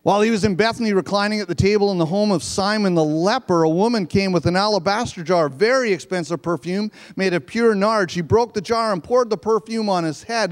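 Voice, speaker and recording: A man's voice: sits high, a little fast, hardly any pauses. A man preaching a sermon in a church sanctuary, reading verses and explaining them in a conversational way. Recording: long reverb of a church hall.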